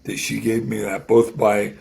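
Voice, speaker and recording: A man in his sixties tells a personal story as a guest, circling back and restarting his sentences. His voice is heavily gravelly with a lot of vocal fry. A faint hiss of noise sits under it. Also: fairly low pitch, level tone, darkish tone. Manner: halting, with restarts and repeated words. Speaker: guest musician.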